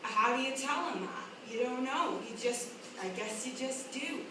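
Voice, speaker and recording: A woman with a high voice delivers a blunt, foul-mouthed comic monologue in a wry tone. She is recorded from a distance in a very echoey room, with steady noise underneath. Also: normal speed. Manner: blunt, heavy swearing, wry.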